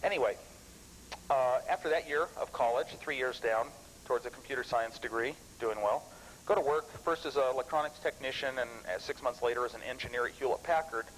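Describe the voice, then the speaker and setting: A man in his thirties tells stories to a club audience, lively and animated, tumbling through restarts as he goes. His voice sits at an ordinary middle pitch. A faint hiss of noise runs underneath. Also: brisk, poor audio. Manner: lively storyteller, animated and chuckling; rambling with frequent restarts. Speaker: guest speaker at a computer club. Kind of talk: anecdotal talk to a live audience.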